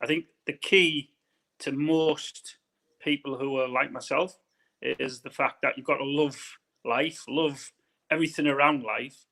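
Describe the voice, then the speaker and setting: A man's voice: medium pitch, fairly even intonation, unhurried, vocal fry, sharp tone. A man from northern England with a northern English accent, chatting casually as an interview guest and rambling with repeated words.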